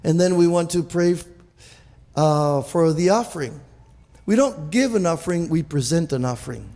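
A man's voice: a little high, expressive, normal speed, warm tone, long reverb tail. A male pastor preaching a sermon in a church, talking animatedly with frequent restarts and calls of hallelujah and amen.

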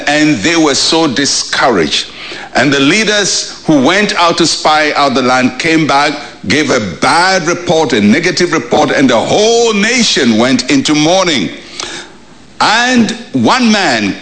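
A man preaching a short devotional sermon as a pastor, emphatic, with dramatic pauses. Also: fairly high pitch, sharp tone, rough recording.

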